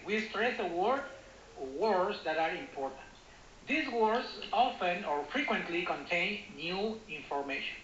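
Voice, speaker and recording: Male English teacher, bright tense tone, patient explanations, roomy lo-fi sound. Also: high-pitched, slight background noise. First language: Spanish. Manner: explains patiently, checks understanding with repeated "okay?". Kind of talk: online class explanation.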